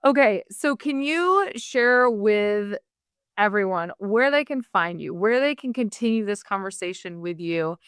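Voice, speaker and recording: Woman podcast host, smooth clear voice, dry close mic, upbeat chatty. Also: mid-range voice, expressive, a little slow, dry recording. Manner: warm, enthusiastic, laughs easily. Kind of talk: conversational interview.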